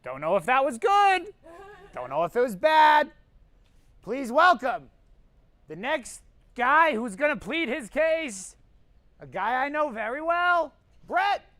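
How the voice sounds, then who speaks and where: Woman host, high and bouncy, teasing and bossy on a live stream. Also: very animated, a bit bright. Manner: teasing, bossy, quick quips. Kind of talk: hosting a live competition stream.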